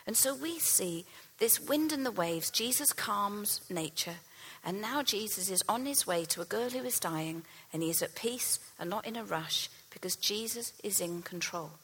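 A woman preaching a sermon, retelling a Bible story with earnest storytelling and dropping to a soft hush for key lines. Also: on the high side, animated, moderate pace, husky, rough recording.

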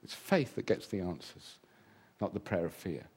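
Man preaching, animated pitch, humorous, acts out quoted voices. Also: moderate pace, slightly rough. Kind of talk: sermon.

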